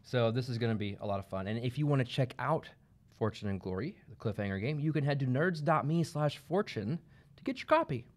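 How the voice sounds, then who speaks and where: An upbeat male host walks through a countdown of top-selling games on a livestream. His pitch swings widely and he cracks small jokes between entries. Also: very animated, a little fast. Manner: upbeat and joking. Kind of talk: livestream product rundown.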